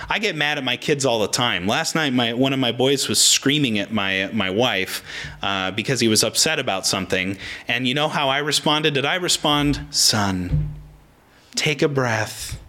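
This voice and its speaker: A man in his thirties preaching a sermon, animated and chatty, often acting out the voices of people in the story. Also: mid-range voice, moderate pace. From Oregon, United States. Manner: animated, acts out voices in quotes. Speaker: pastor.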